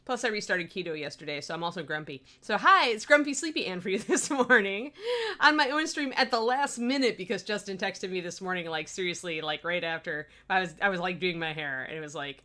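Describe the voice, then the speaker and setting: In a home streaming room, a sleepy woman chats casually on a live stream as she paints miniatures, rambling and laughing a lot. Her voice is fairly low yet bright and forceful, animated and a little fast.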